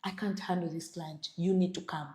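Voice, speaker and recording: A woman voicing a worn-out male apartment manager, pleading quietly. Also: fairly low pitch, fairly even intonation, moderate pace, voice pushed down, lightly acted. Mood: defeated. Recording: roomy echo.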